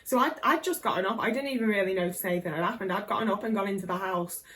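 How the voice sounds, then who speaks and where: A woman's voice: mid-range voice, very fast, fairly bright tone, distant mic, low-quality recording. A young English woman vlogger telling a personal story to camera, candid and sweary, with lots of "like".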